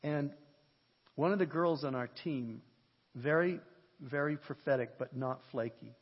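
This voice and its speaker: A man preaching a sermon, telling a story in an animated way, with a husky voice. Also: on the high side, measured pace. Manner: animated, jokes and shouts at peaks. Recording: lo-fi sermon audio with long hall reverb.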